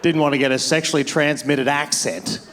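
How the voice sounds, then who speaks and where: A man's voice: fairly high pitch, fairly even intonation, moderate pace, background noise. A man from Australia doing a stand-up comedy set on a club stage. He tells a profane story on a handheld mic.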